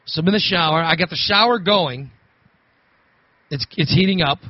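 A man's voice: fairly high pitch, moderate pace, no room sound. A man telling a rambling, repetitive story in casual chat, laughing often. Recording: dull lo-fi recording.

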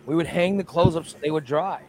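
A man's voice: a little high, quick pace, crowd noise, poor audio. A man on a morning talk show telling a long, rambling story in casual, crude language. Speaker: radio show co-host. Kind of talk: casual chat.

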